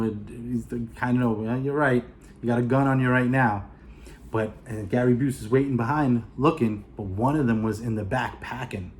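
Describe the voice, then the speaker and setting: A man with a New York accent talks through a movie's plot in a loose, animated way. He pitches up to act out the characters' lines as he goes. His voice sits at an ordinary middle pitch, and faint noise runs behind him. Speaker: movie reviewer. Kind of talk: casual plot retelling.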